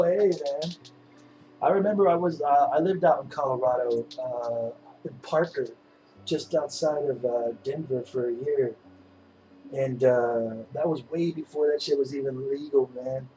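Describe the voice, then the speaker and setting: Laid-back swearing stoner streamer, music behind. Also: male voice, medium pitch, mellow, rough recording. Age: middle-aged. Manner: laid-back rambling with lots of "man" and "dude" and swearing. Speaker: livestream host. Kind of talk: casual chat while painting on a livestream.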